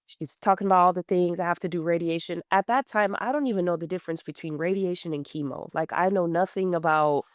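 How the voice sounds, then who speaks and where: A woman's voice: lowish voice, fast, few pauses, dry recording, clean studio sound. A woman in her thirties, a podcast guest, telling her story in a blunt, plain-spoken way with many fillers and restarts. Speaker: guest runner. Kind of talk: candid conversational storytelling.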